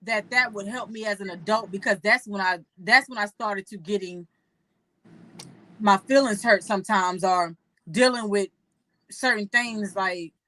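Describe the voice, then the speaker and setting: A young adult woman co-hosting a casual chat show, telling stories in an animated way and quoting herself and others. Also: medium pitch, measured pace, rough recording. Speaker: co-host.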